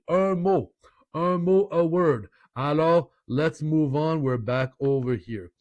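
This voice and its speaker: In an online lesson, a French teacher from Canada takes his time, joking and chatting as he weaves French expressions into explanations given in English. He sounds a little high and slightly mellow. The recording is close and dry, with no echo or room sound.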